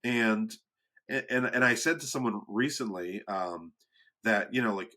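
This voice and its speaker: A man's voice: fairly low pitch, a little slow, sharp tone. A man co-hosting a podcast, talking in a rambling, amused way with lots of restarts. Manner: rambling, self-interrupting, amused. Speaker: podcast co-host. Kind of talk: casual chat.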